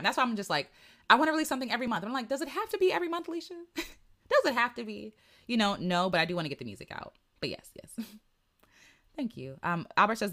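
Animated, low-voiced woman sharing her thoughts. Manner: earnest, conversational, many fillers and restarts. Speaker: creative retreat host. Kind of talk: reflective casual livestream talk.

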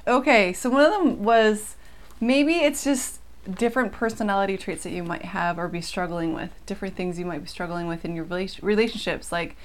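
Brief: woman co-host, calm and agreeable, mid-pitched, easy conversational tone. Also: a little fast. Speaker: co-host teaching scripture. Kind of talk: casual scripture study chat.

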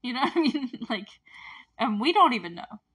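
A woman's voice: fairly high pitch, very animated, a little fast, fairly bright tone, breathy edge. A woman giving a casual, chatty recap of a TV episode, gushing and rambling with fillers and frequent laughter.

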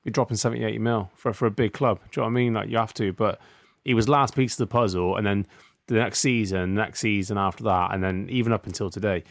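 A man's voice: on the low side, steady tone, fast talker, gravelly, hardly any pauses, dry recording, studio quality. A young man co-hosting a podcast, chatting casually about football, swearing freely and often asking "do you know what I mean.". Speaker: podcast co-host.

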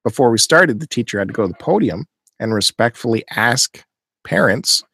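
A man rants and teases his co-host in casual chat, with strong opinions. His voice is somewhat husky and the recording is dry. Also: medium pitch, expressive, moderate pace, sharp tone, no room sound. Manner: ranting, teasing and opinionated.

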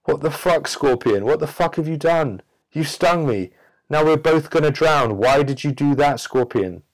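A man voicing a male frog in a spoken fable, loud and indignant. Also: on the high side, expressive, normal speed, voice pushed up, low-quality recording. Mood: outraged. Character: wary, then outraged frog, male.

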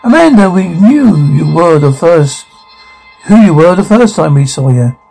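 A man's voice: on the high side, very animated, measured pace, gravelly, mellow, faint music behind, exaggerated voice, low-quality recording. A man voicing a crude, gloating evil double of the hero who mocks and taunts. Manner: sneering, mocking taunts.

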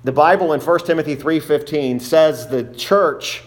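A man's voice: on the high side, moderate pace, few pauses. A man preaching a sermon as pastor, earnest, reading scripture aloud in old King James wording.

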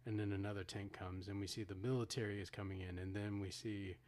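A man with a very low voice co-hosts a podcast. He retells a film's ending in casual talk, restarting his sentences and acting out the characters' lines. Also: little pitch movement, fast talker, darkish tone. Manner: retells scenes with acted-out quotes, frequent restarts. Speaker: podcast co-host. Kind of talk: casual film discussion.

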